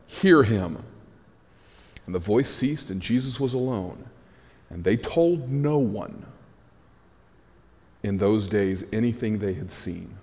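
Animated man preaching in an echoey hall. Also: on the low side, measured pace, pauses often. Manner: animated storytelling with wry asides. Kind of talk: conversational sermon.

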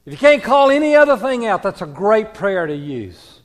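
A man preaching a sermon as a pastor, telling a story with hushed quiet passages and rising emphatic peaks. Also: high voice, sing-song, normal speed. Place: church sanctuary. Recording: long hall reverb.

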